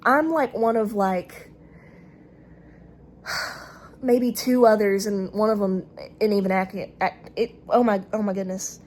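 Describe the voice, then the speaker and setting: A woman's voice: medium pitch, steady tone, takes it slowly, long pauses, a little mellow. A woman with a Southern US accent talking straight to her own camera in a casual, rambling monologue, hesitant and full of restarts and fillers. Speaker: vlogger speaking to camera. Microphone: camera recording herself.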